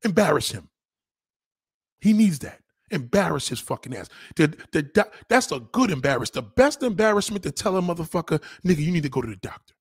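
A man with a highish, breathy voice delivers a crude, heated, profane rant about relationships, speaking bluntly and directly to his viewers. The studio audio is clean with no room sound.

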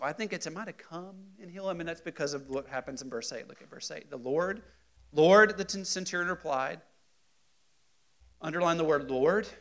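A man teaching a Bible study class in a conversational, animated way, often checking in with the group and rising loud for emphasis. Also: a little high.

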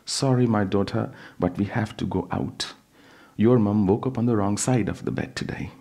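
A man's voice: lowish voice, moderate pace, warm tone, slightly rough. A man reading a storybook aloud and voicing a confident air force sergeant who brushes off worry. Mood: gentle. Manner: dismissive, reassuring.

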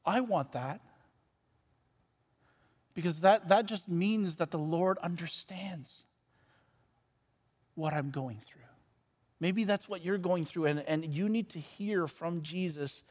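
High-voiced preacher in a reverberant church. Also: male voice, slow, long pauses. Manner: stumbling repetitions, swinging from loud to soft. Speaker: pastor. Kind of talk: sermon. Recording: long reverb of a large church hall.

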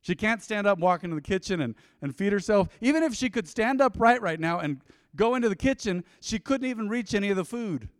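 A man's voice: high voice, animated, brisk, no room sound, studio quality. A man preaching a sermon to his congregation in a conversational, playful way with asides. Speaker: pastor. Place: church before a congregation.

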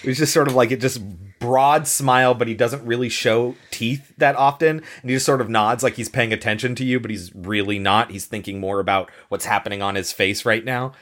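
A man's voice: mid-range voice, fairly even intonation, fairly quick, hardly any pauses, a bit bright. A man co-hosting a casual podcast about a film, talking in a wry, analytical way and musing aloud with rhetorical questions. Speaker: podcast co-host.

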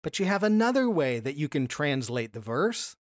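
A Bible study teacher giving a casual lesson from slides, asking questions and answering them, and slowing down to stress key words. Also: medium pitch, sing-song, no echo, clean studio sound. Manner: explains patiently, often asks questions and then answers them.

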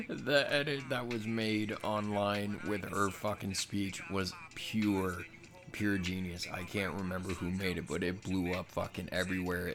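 A man's voice: deep voice, a bit bright. A man vlogging a casual commentary rant, heated and exasperated, swearing constantly.

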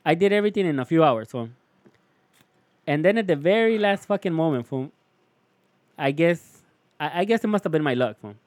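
A man's voice: on the high side, lively intonation, fairly quick, pauses often, a little mellow, no echo. Profane LA storyteller, slangy man. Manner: slangy, profane, says "fool" constantly. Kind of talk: casual storytelling chat.

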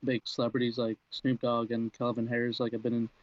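A man's voice: mid-range voice, completely flat delivery, fairly quick, no echo. A man from the audience asking questions hesitantly, with many fillers. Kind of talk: casual question. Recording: dull, dry audio.

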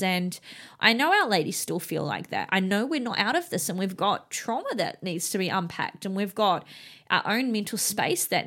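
A woman's voice: mid-range voice, a bit bright. Emotional woman swearing through a candid monologue. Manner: emotional, raw, swears freely, rambling with many fillers. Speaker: women's gym owner and coach.

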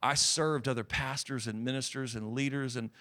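A middle-aged man, a pastor, preaching a sermon at a church service, swinging between loud exhortation and soft earnest tones. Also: mid-range voice, steady tone, normal speed. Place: church sanctuary.

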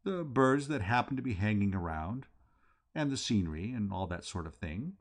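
A man voicing a timid, lovesick young English gentleman who speaks in a flat, hesitant way. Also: on the low side, normal speed.

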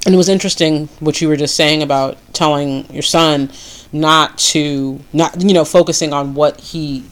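A woman's voice: sits low, fairly even intonation, normal speed. A woman co-hosting a podcast, telling stories in casual chat with frequent restarts and asides. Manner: chatty, storytelling with many restarts. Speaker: podcast co-host.

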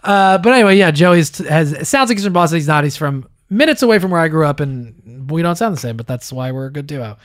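Male podcast host, jokey storyteller, higher voice, dry booth sound. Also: expressive, fast, few pauses, no room sound. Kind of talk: casual chat.

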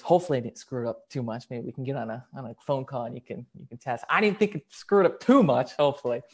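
Young man, podcast guest; lively, enthusiastic storyteller with sudden bursts of energy. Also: a little high. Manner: animated, excited storytelling with quick bursts. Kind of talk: storytelling in casual conversation.

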